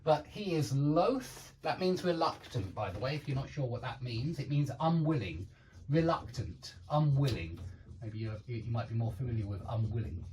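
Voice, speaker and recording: A man teaching English pronunciation in an online lesson, a native speaker who drills words slowly and repeats them for practice. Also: mid-range voice, lively intonation, a little mellow, slight background noise.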